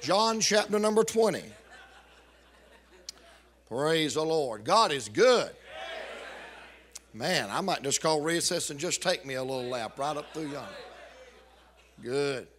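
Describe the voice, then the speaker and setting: Slow, bright-voiced preacher man. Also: fairly high pitch, expressive. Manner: emphatic, drawn-out repetition with joking asides. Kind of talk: revival sermon.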